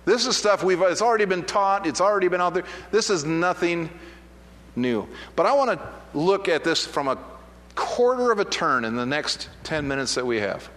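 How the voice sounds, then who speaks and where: Guy preaching, high bright voice, chatty storytelling, big echoey hall. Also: expressive, normal speed. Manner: conversational, self-deprecating storytelling with many restarts. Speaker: pastor. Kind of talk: sermon. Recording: preached in a hall with long reverb.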